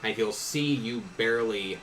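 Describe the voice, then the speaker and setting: A man's voice: fairly low pitch, moderate pace, a bit bright, faint music behind, rough recording. A man narrating a tabletop game as game master, casual and descriptive, with restarts.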